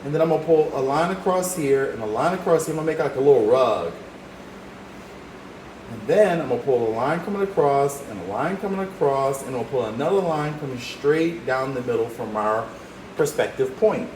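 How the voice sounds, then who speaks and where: A man's voice: mid-range voice, expressive, a little fast, darkish tone, a little hiss or hum. A man teaching a drawing lesson, talking the viewer through each step with encouragement. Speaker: art teacher. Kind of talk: drawing demonstration. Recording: roomy echo, faint ambience.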